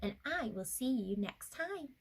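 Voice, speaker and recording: A woman leading an interactive children's story sound journey. She drops to hushed whispers, then bursts out excitedly, and she leads chanted sound effects. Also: high voice, a little slow, breathy edge. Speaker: children's activity leader.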